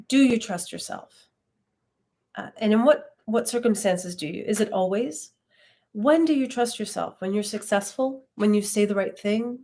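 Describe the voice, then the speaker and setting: A woman's voice: mid-range voice, vocal fry. A woman leading an online class, talking in a reflective, conversational way with frequent fillers. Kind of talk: casual live-stream teaching.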